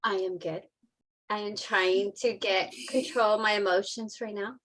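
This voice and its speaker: Woman, 40s, mid-pitched guest, candid and emotional, casual talk. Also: fairly even intonation, moderate pace, fairly bright tone. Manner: open, emotional, talkative. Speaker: podcast guest. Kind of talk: casual chat.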